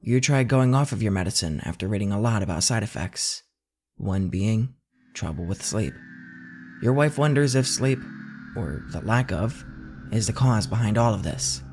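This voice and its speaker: A man giving scripted second-person horror narration in a measured, tense way. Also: fairly low pitch, animated, darkish tone, faint music behind.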